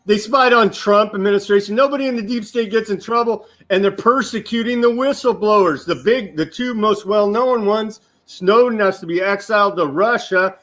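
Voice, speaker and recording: A man giving political commentary as a guest, indignant and forceful, asking rhetorical questions. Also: high-pitched.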